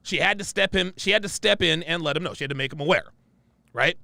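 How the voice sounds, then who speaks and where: A man's voice: fairly high pitch, fast, gravelly, sharp tone, no echo. A man hosting reaction commentary who talks emphatically and keeps checking in with "right?" and "okay?". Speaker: commentary host.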